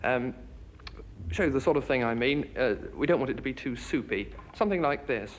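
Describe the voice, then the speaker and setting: A man leading a jazz band rehearsal, giving casual, halting instructions. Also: medium pitch, lively intonation.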